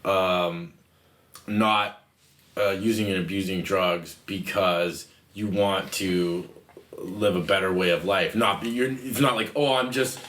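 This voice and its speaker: A man's voice: sits low, fairly even intonation, slow, a bit bright. A man co-hosting a podcast, thinking aloud reflectively in a casual conversation.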